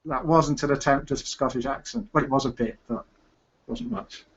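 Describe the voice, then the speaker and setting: A cheerful man hosting a casual live show from a home computer, chatty and quick to laugh. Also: medium pitch, sing-song, creaky, fairly bright tone, slightly rough. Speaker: host. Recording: dull lo-fi webcast audio.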